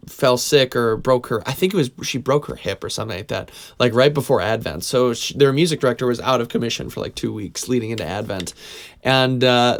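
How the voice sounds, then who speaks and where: A man, a singer-songwriter, telling a casual story to camera in his home studio, rambling with lots of fillers. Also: medium pitch. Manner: rambling, filler-heavy, chuckling.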